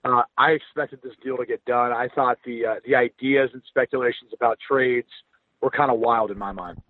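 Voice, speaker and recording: A man analyzing football over a phone call, speaking in a relaxed, conversational way with filler ums. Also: mid-range voice, normal speed, dry recording. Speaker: guest analyst. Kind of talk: casual sports analysis. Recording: tinny phone line.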